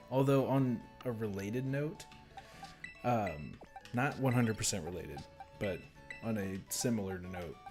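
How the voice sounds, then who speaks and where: Low-voiced rambling streamer guy. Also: huge pitch swings, slow pace, long pauses, over music. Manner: rambling, laughs often. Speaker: game streamer. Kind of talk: casual live-stream chat.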